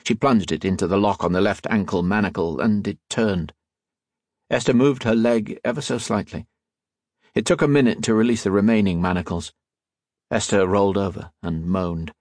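In measured, expressive storytelling, a man with a lowish voice narrates an audiobook. The audio is studio quality and lacks any room sound.

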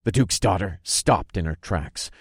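Low, lively-voiced male audiobook narrator. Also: a little slow, slightly rough, no room sound, clean studio sound. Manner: expressive, storytelling delivery. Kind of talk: first-person fantasy audiobook narration.

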